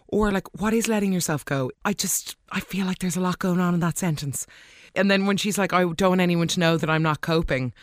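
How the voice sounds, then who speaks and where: A woman's voice: on the low side, fairly bright tone, no room sound, studio quality. A woman hosting a casual episode recap in a chatty, gushing way, acting out the lines she quotes. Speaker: soap opera recap host.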